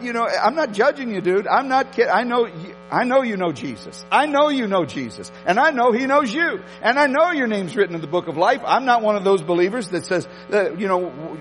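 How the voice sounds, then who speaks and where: A man preaching a sermon, telling a story with emphatic repetitions and animated delivery. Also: high-pitched, long reverb tail, poor audio. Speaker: pastor.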